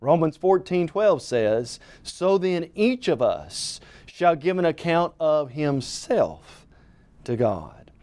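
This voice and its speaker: A man preaching a televised sermon, stressing key phrases by slowing down and dropping his voice. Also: very animated, a little mellow. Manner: emphatic, slows and drops pitch on key phrases.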